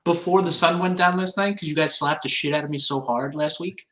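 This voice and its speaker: A man's voice: fairly high pitch, fairly quick, pushed and bright. A man on a podcast video call from his new office, laid-back and blunt, swearing casually. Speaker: podcast co-host. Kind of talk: casual chat. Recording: echoey and distant from mic.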